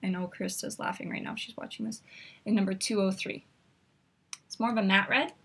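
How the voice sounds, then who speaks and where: A woman's voice: mid-range voice, fairly even intonation, fairly quick, vocal fry, fairly bright tone, a little hiss or hum. A woman hosting a makeup tutorial, chatty and instructive as she talks through each step while demonstrating.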